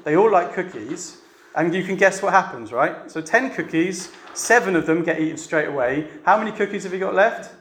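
A man's voice: sits high, lively intonation, moderate pace, a bit bright, slight background noise. A man preaching a sermon to a church meeting in a chatty way, often asking the room rhetorical questions. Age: adult with a family. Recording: echoey room with faint ambience.

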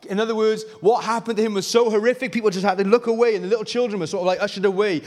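Man, preacher, high voice, passionate sermon, loud peaks and hushed lows, long hall reverb. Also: fairly even intonation, very fast. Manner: swings between fervent, near-shouted emphasis and hushed intensity.

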